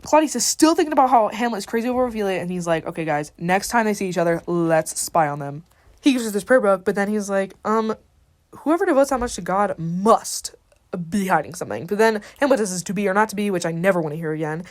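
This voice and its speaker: Teenage girl, school assignment, rapid slangy summary, medium pitch. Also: animated. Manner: fast, slangy retelling that slips briefly into characters' voices. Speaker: student.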